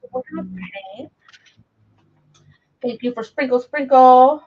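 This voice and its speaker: A woman's voice: high voice, steady tone, a little slow. A middle-aged woman hosting a live craft stream, chatting casually and rambling as she works, greeting viewers by name, recorded through a camera mic as she moves around a table in a home craft room. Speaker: craft livestream host. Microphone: camera mic while moving around a table. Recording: dull lo-fi live stream audio.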